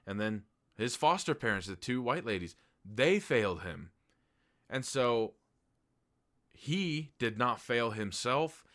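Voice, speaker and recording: A man's voice: on the low side, a bit bright. A man giving a casual spoken TV review in a blunt, heated way, swearing freely. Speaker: TV show reviewer.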